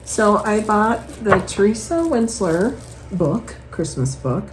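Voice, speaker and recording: A woman chatting casually at home as host, showing off her purchases in a rambling, animated way. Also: mid-range voice, takes it slowly, slight background noise, rough recording.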